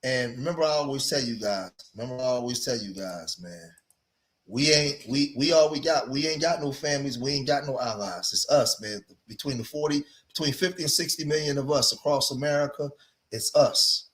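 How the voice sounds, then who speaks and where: A man's voice: mid-range voice, a little fast, fairly bright tone. A man hosting a livestream, delivering emphatic, preachy commentary, repeating himself and saying "man" often. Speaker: streamer and commentator.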